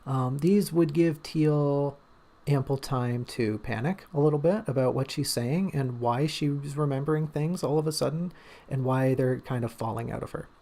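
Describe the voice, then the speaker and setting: Guy rambling thru his draft notes on stream, gravelly creaky voice, lots of ums. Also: mid-range voice, moderate pace, mellow. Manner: thinking aloud, many fillers and restarts. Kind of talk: casual livestream talk.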